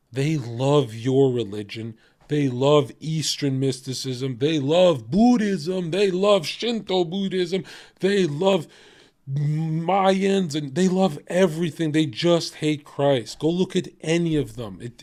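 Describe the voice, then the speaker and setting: Man streaming, mid-pitched voice, swears a lot, argues with chat, laughs between jabs. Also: a little mellow. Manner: profane, combative, laughs often. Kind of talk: casual livestream rant.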